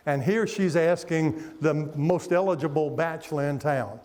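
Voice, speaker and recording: A man's voice: fairly high pitch, measured pace, few pauses, a little mellow, big-room sound. An older man preaching a revival sermon, telling homey stories in a folksy way. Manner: folksy storytelling with laughs. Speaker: guest preacher. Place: church sanctuary.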